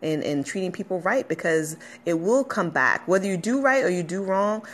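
Low-pitched lady doing her podcast, kinda emotional, pep talk vibes, rambles. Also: expressive, normal speed, slight background noise. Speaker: podcast host. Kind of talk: casual motivational podcast talk. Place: at her workplace, a dog barking nearby.

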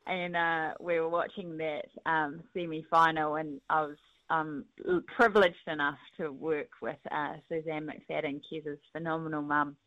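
Kiwi woman guest, really low voice, halting with ums, dull lo-fi line. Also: flat delivery, dry recording. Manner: halting, many ums and uhs. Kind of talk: casual interview chat.

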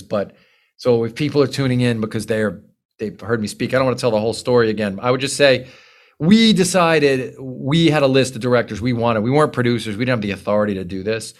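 Animated, swearing storyteller man. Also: medium pitch. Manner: animated storyteller, frequent restarts, casual swearing. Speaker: guest screenwriter and producer. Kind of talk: casual podcast conversation.

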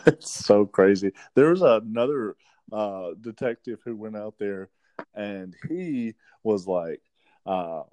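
A man's voice: on the low side, animated, slow, dark tone, dry recording. A man co-hosting a podcast in casual chat, laid back and hesitant, with many "uh" fillers. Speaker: podcast co-host.

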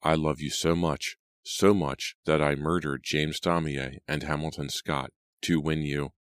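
A man's voice: rumbling low, steady tone, a little slow, no echo. Man playing a lovestruck young murderer. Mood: confessing. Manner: earnest, pleading delivery. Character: lovestruck young gentleman killer, intense. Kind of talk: audiobook character reading. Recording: dry close studio sound.

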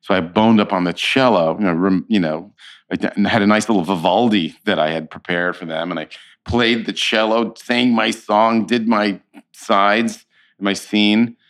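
Very deep-voiced man telling stories. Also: normal speed. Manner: animated storyteller, slips into quoted voices. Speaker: actor, interview guest. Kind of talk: casual interview chat.

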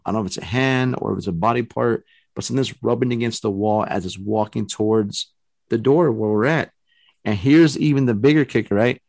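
A man's voice: lowish voice, dry recording. A man casually telling a story from his own paranormal investigation, acting out the sounds and quoting himself. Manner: animated, acts out sounds and quotes himself, swears casually.

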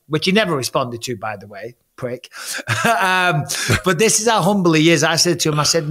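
Middle-aged guy from england, sweary and blunt, fairly high voice, chatting on a podcast. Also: brisk. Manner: blunt, sweary, animated storytelling. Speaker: podcast guest. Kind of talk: casual chat.

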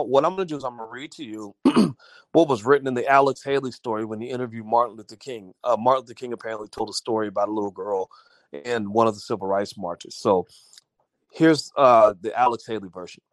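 A man with a medium-pitched voice hosts an audio-only livestream, chatting quickly and casually with his chat and reading viewers' comments. His speech is full of fillers and restarts, and there's no room sound.

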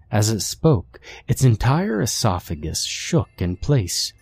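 Deep-voiced man narrating a horror story. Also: darkish tone, no echo.

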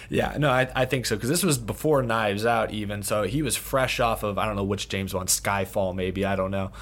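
A man's voice: fairly low pitch, moderate pace, a bit bright. Easygoing man steering the talk. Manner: conversational, steers the discussion with questions. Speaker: podcast host. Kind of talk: casual movie review chat.

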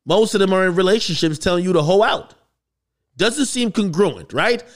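A man hosting a podcast, talking in a casual, questioning way. His voice sits fairly high and moves a lot in pitch. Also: normal speed. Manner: conversational, questioning, animated. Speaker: podcast host. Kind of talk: casual commentary.

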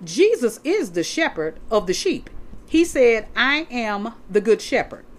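A woman's voice: fairly high pitch, very animated, measured pace. A woman preaching a sermon to listeners she calls saints. She reads scripture aloud and explains it, stressing points by repeating words. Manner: reads scripture aloud from notes and flips pages.

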